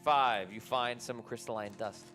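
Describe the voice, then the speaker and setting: Game master, man, bright voice, playful ribbing, soft music under. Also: medium pitch, measured pace. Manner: playful, teasing, laughs often. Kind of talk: running a tabletop game.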